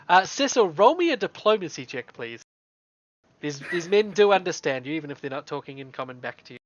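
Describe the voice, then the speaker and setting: A game master, relaxed and quick to laugh, narrating a tabletop game. The recording is dull and dry, with a lo-fi edge and no room sound. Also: medium pitch, no echo.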